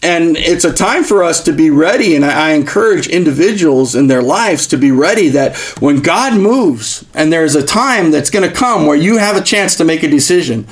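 A man's voice: on the high side, expressive, normal speed, few pauses. A man hosting a podcast who speaks in an earnest, exhorting, preaching style, with frequent fillers. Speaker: podcast host.

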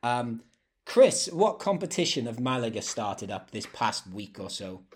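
A man's voice: medium pitch, very animated, unhurried, a little hiss or hum. A man hosting a football fan podcast, chatty and jokey with fillers. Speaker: podcast host. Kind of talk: casual podcast chat.

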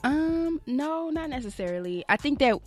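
A woman hosting a podcast in casual chat, easygoing and quick to laugh. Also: high-pitched, animated, soft background music. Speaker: podcast host.

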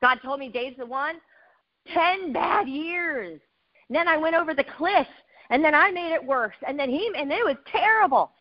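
A middle-aged woman preaching a sermon, telling her own testimony with emotional, animated asides. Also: high-pitched, moderate pace, lo-fi sound.

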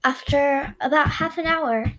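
A woman's voice: sits high, measured pace, a bit bright. A woman telling an improvised story, rambling with restarts and asides to her listeners.

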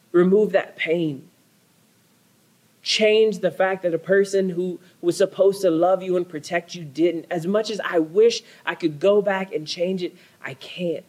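A pastor delivers a sermon, telling his story earnestly and dramatically and leaning on repeated phrases for emphasis. His voice is a touch higher than most men's. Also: poor audio. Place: church.

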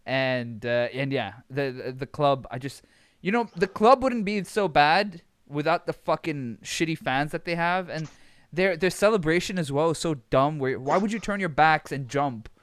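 A young man from Abu Dhabi tells a lively, expletive-laden story in casual podcast chat. His voice is smooth and resonant, and his pitch leaps up when he gets carried away. The recording is dry and close. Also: moderate pace, no echo. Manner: animated, swearing, laughs while telling stories.

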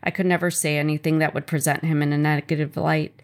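A woman reads a chapter of her own memoir aloud. Her voice sits a little low, and her delivery is measured and earnest, a personal first-person reading. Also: level tone.

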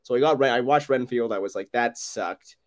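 A man's voice: mid-range voice, fast, a little mellow. A young man co-hosting a podcast, talking about films in a loose, casual way with frequent laughs and many fillers. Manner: laid-back, laughs often, many fillers and restarts. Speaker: podcast co-host. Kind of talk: casual movie chat.

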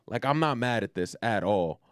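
A man's voice: lowish voice, animated, normal speed, no echo, clean studio sound. A man co-hosting a podcast, talking loosely with lots of slang, fillers and swearing. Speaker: podcast co-host. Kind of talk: casual chat.

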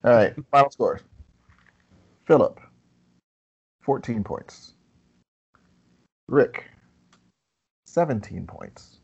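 Male podcast game host, unhurried and wry. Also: medium pitch, animated, gravelly, a little mellow, breathy edge, dull audio. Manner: wry, laughs often, announces scores. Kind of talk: podcast game show hosting.

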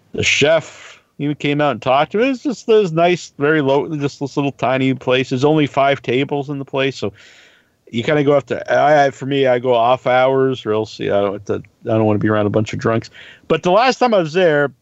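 A man chats casually on a podcast, rambling through stories and swearing freely. His pitch sits in an ordinary middle range. The recording is dry and a little dull. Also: moderate pace, no echo. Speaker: podcast co-host. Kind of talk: casual chat.

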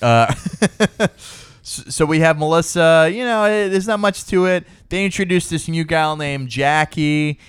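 Guy on a comedy podcast, smooth voice, dry close sound, laughs a lot. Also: fairly high pitch, unhurried, no echo. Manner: laughs often, puts on brash voices for bits. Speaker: podcast co-host. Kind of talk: casual comedic chat.

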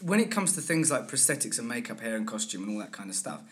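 Animated man telling set stories. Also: mid-range voice, quick pace. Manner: animated storyteller who acts out quoted people; repeats words and phrases as he builds a point. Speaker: accent and dialect coach, guest. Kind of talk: conversational interview.

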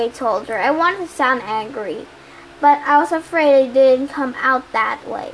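Woman reading a book out loud, high voice, little restarts here and there. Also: animated, unhurried, slight background noise, low-quality recording. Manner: first-person storytelling with small restarts. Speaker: reader. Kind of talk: reading a novel aloud.

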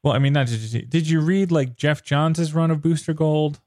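A man hosting a podcast, talking in a casual, excitable way and ranting with exasperation. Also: on the high side, normal speed, dry recording, studio quality. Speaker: podcast host. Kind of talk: casual comic book chat.

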